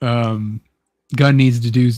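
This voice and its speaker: A man's voice: medium pitch, steady tone, slow pace, a little mellow, no echo. A man hosting a casual chat who reads from a film script, rambling with many fillers and restarts. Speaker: host.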